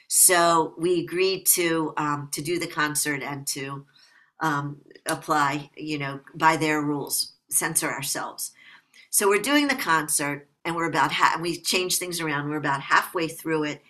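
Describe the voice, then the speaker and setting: A woman's voice: sits low, bright, forceful tone. A woman in her sixties, a musician guest in an interview, telling a long story in a rambling, anecdotal way full of restarts.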